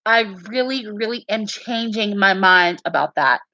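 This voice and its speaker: Emphatic woman with a bright, tense voice. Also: medium pitch, lively intonation, measured pace, dry recording, dull audio. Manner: emphatic, repeats herself, restarts often. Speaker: fan sharing beliefs and dreams. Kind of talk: casual earnest talk.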